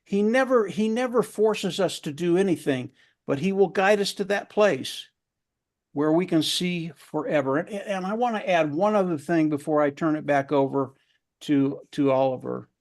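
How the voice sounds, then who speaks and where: A man with a voice a touch higher than most men's tells a motivational story at a round table. He is earnest and often doubles words for emphasis. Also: moderate pace.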